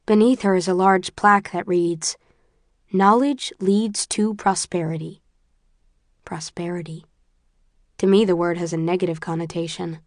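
A woman reading a first-person story aloud in a measured, often quiet and subdued way. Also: on the low side, no echo, studio quality. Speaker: audiobook narrator. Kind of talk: first-person audiobook narration.

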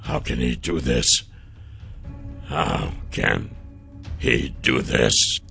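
A male narrator voicing a gruff, heavy-shouldered warrior who roars in exasperation. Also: very deep voice, animated, very slow, pushed and bright, faint music behind, voice pushed down, heavily acted. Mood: despairing. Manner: roaring, exasperated. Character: gruff burly male warrior, hot-tempered.

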